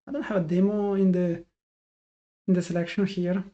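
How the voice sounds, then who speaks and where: A man's voice: sits high, little pitch movement, normal speed, dark tone. A man streaming his live day trading and talking to his chat, frustrated and self-critical, thinking aloud with many restarts. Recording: dull lo-fi sound.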